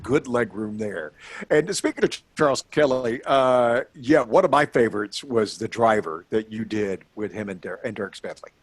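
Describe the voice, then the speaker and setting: A man's voice: lowish voice, lively intonation, normal speed, husky, no room sound. A man hosting a radio show, asking joking, teasing questions in a casual interview over a video call. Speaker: radio host.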